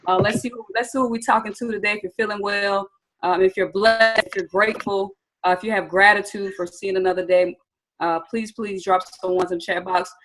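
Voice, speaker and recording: A woman's voice: medium pitch, steady tone, a little fast, fairly bright tone. A woman from Atlanta with a Southern accent, teaching trading in a live online webinar in a chatty, upbeat, encouraging way and speaking straight to her viewers over a video call. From Atlanta, Georgia. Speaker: trading instructor.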